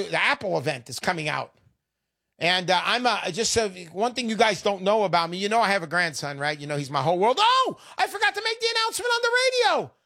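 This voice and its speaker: A man's voice: high-pitched, creaky, fairly bright tone, dry recording, studio quality. A man in his fifties hosting a call-in radio show, chatty and openly emotional.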